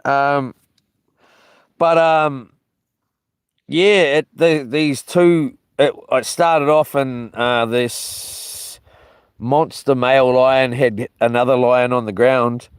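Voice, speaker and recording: On a solo camping trip, a man chats casually to his live viewers, greeting people from the chat, drifting off topic, losing his thread and cursing mildly. His medium-pitched voice is slow, smooth and fairly even, recorded at studio quality with no room sound.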